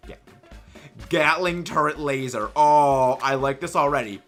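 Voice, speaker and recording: A young man hosting a livestream, chatting casually and reading chat messages in an excitable, rambling way. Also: on the high side, measured pace, faint music behind. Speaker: livestream host.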